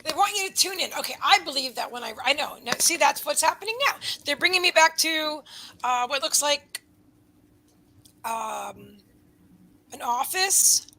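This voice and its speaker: A woman giving a live psychic card reading, rambling and breaking off mid-sentence, with quiet murmured asides. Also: sits high, expressive, moderate pace, rough recording. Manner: rambling, self-interrupting, drops into soft asides. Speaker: psychic reader.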